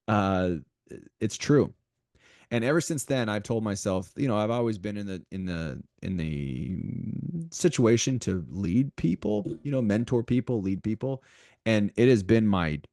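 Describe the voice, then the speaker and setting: Casting: male podcast co-host, very low voice, dry close sound, animated motivational chat. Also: no room sound. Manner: animated, repeats himself, talks straight to listeners.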